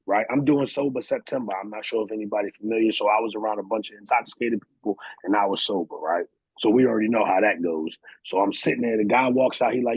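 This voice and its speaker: Young male podcast co-host, gravelly and husky, slangy animated storyteller, dry close sound. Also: on the low side, fast talker, dry recording, rough recording. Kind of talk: casual storytelling chat.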